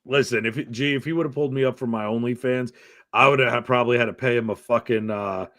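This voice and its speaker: Speaking quickly with no echo, this podcast host has a mid-range male voice. His casual storytelling is loaded with profanity, and he performs everyone else's quotes with lively energy.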